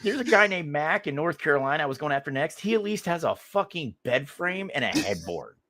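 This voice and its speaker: A man co-hosting a podcast, telling jokes with animated storytelling in casual banter. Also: fairly high pitch. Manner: animated storytelling, throws in quick impressions. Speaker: podcast co-host.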